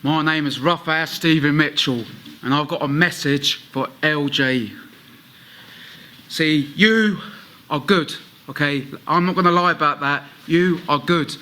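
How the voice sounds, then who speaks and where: A man cutting a taunting wrestling promo, speaking in a deliberate way. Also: fairly high pitch, fairly even intonation, sharp tone, slight background noise. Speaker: wrestling trainee.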